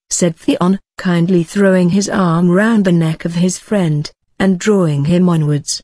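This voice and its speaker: A woman narrating a classic novel as an audiobook reader, in a measured, even reading. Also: fairly low pitch, dry recording.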